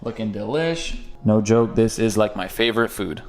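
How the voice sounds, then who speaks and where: Man, food vlogger, energetic casual chat, repeats himself, faint background music. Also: on the low side, normal speed. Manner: energetic, chatty, repeats words. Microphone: phone camera.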